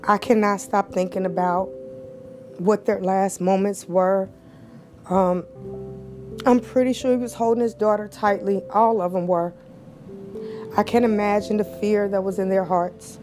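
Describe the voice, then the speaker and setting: A woman's voice: mid-range voice, steady tone, unhurried, pauses often, darkish tone, soft background music. A middle-aged woman hosting a podcast, speaking emotionally and near tears, with heartfelt, preacher-like repeated phrases and a prayer. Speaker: podcast host.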